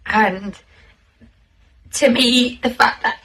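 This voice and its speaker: A young woman, thanking her class's families in a tearful, halting, heartfelt way. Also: a little high, fairly even intonation, fairly bright tone, husky, rough recording. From North West England. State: tearful, close to crying. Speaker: toddler class leader. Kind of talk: casual thank-you message to parents.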